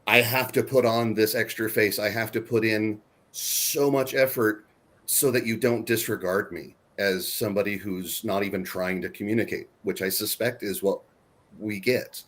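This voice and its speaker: A man's voice: fairly low pitch, steady tone, normal speed, a bit bright. A man moderating a panel discussion, talking candidly and earnestly, often repeating words for emphasis.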